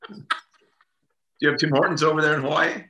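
A man's voice: fairly high pitch, fairly even intonation, brisk, bright, forceful tone, echoey room. A man being interviewed as an actor, telling stories in casual chat and laughing as he talks. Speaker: actor guest.

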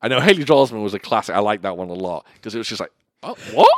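A man's voice: lowish voice, lively intonation, rapid-fire, no room sound, studio quality. A man co-hosting a podcast, chatting casually and telling rambling, self-amused stories. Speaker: podcast co-host. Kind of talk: casual chat.

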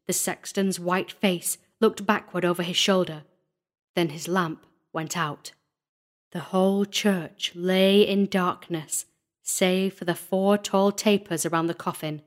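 A woman narrating a gothic horror story as a dramatic audiobook reading, measured and building tension. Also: lowish voice.

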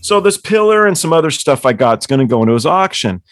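The author guest on a casual book club chat tells rambling, profane stories, laughing as he goes. His voice is a little high with big pitch swings and fast delivery, recorded at studio quality with no room sound.

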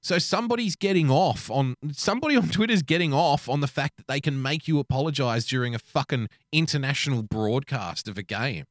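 A man's voice: medium pitch, a little fast, few pauses, no echo, studio quality. A man co-hosting a podcast, ranting bluntly in profane casual chat. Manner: blunt, ranting, heavy swearing. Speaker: podcast co-host.

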